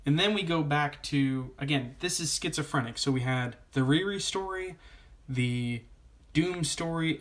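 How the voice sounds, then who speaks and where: Guy reviewing a comic, casual vlog, rambly and opinionated, lots of "you know" and "like", average pitch. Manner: rambling, opinionated, full of fillers.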